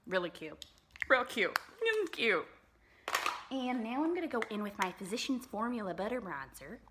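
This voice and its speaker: A woman's voice: a little high, big pitch swings, normal speed, background noise. A woman vlogger chatting casually through a makeup tutorial, bubbly and full of fillers, sometimes dropping into whispered asides. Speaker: beauty vlogger.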